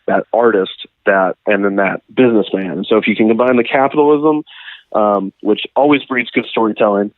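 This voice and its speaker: A man's voice: fairly low pitch, fairly quick, dry recording. A man speaking as a guest in a casual interview, rambling with lots of ums and restarts. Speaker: guest, YouTube documentary creator. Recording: tinny phone-like line.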